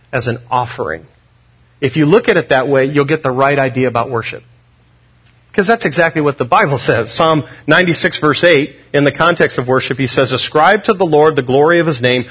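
A male pastor preaching a sermon in a conversational, animated way, with sudden loud rises. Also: fairly high pitch, husky, dull audio.

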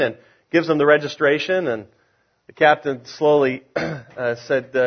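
A man's voice: a little high, normal speed. A middle-aged man preaching a sermon in a folksy, conversational way, opening with a joke and chuckling at his own lines. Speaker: pastor. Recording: lo-fi, dull sound.

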